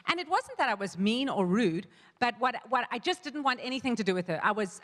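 A woman pastor preaches a sermon in a church hall, telling a personal story in a loose, chatty way, often restarting sentences and quoting herself. Her voice is a little high and bright, with lively intonation and a fairly quick pace, and a long echo trails every phrase.

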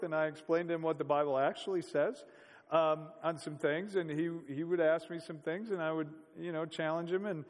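High-voiced male preacher in a reverberant hall. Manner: conversational, storytelling, rhetorical questions. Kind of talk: sermon.

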